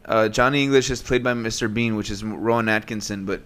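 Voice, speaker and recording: A man's voice: fairly low pitch, steady tone, fast, fairly bright tone, clear, resonant tone. A man in his late twenties hosting a podcast from home, chatting casually, rambling and laughing often, recorded on a desk USB mic. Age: 20s. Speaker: podcast host. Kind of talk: casual chat. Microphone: desk USB microphone.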